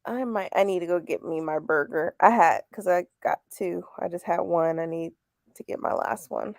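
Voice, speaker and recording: A woman's voice: fairly low pitch, moderate pace, gravelly, no echo, clean studio sound. A woman, hosting a casual livestream chat, laughing often and reading comments aloud. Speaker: host.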